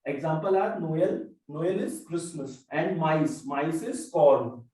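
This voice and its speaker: A man teaching a French class, explaining slowly and repeating each example word. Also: fairly high pitch, a little mellow. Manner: slow, repetitive explaining with drawn-out example words. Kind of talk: classroom lesson. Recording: echoey classroom, far from mic.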